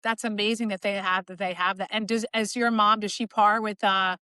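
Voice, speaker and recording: Bright chatty woman co-host. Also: medium pitch, fairly even intonation, brisk, clean tone, dry recording. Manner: chatty, jumps in with comments and laughs. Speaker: podcast co-host. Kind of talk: casual interview chat.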